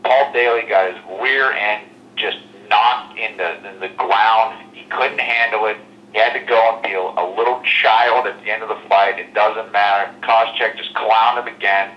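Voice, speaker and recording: A man's voice: fairly low pitch, steady tone, normal speed. A man calling in by phone as co-host, giving blunt, dismissive fight commentary. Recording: muffled phone line.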